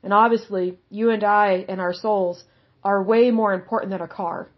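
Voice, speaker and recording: A woman's voice: mid-range voice, steady tone, normal speed. A woman talks through a Bible passage in a plain, conversational way. She is blunt and outspoken and says things straight. The audio is slightly dull and lo-fi. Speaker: podcast Bible teacher. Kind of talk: casual Bible teaching.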